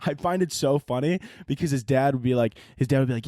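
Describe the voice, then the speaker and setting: A young man hosting a podcast, telling comedic stories in an animated, profane, mocking way. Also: medium pitch, fast talker, hardly any pauses, no echo, clean studio sound. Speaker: podcast host. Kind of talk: comedic storytelling monologue.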